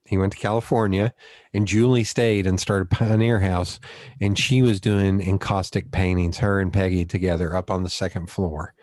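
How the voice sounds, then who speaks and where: A man's voice: low-pitched, steady tone, a little mellow, dry recording. Southern man hosting a casual chat. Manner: rambling storyteller, quick asides. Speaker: podcast host. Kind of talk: casual conversational interview.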